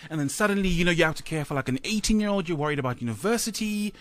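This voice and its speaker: High-voiced South African man, choked up. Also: animated, a bit bright, dry recording. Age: 30s. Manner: halting, sighing, choked up, many fillers. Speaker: radio co-host. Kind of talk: emotional personal story on breakfast radio.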